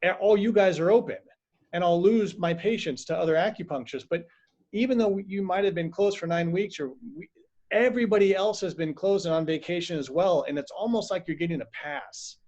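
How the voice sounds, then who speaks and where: A man chatting casually on a video call, telling stories with animated acted-out quotes. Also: sits high, a little fast. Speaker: acupuncturist and host. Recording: dull lo-fi video call audio.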